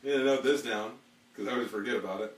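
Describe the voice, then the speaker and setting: A man hosting a casual live-stream podcast, reading viewer comments and joking with his co-host. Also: medium pitch. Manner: slides into a fast auctioneer patter as a joke. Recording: echoey room, mic at a distance, faint hum.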